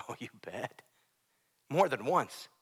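A man preaching a sermon as pastor, swinging from hushed near-whispers to loud shouts. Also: medium pitch, very animated, slow, husky. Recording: preacher in a large reverberant hall.

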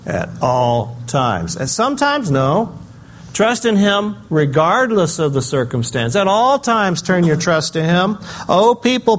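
An older man preaching a sermon, swinging between loud emphasis and quiet, reflective asides. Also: medium pitch, a little hiss or hum. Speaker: pastor.

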